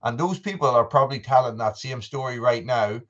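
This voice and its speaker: Man, 30s, mid-pitch, rambling live-stream chatter, lo-fi sound. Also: expressive, a little fast, a bit bright. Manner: chatty, rambling, lots of restarts and asides. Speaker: vlogger doing a live chat.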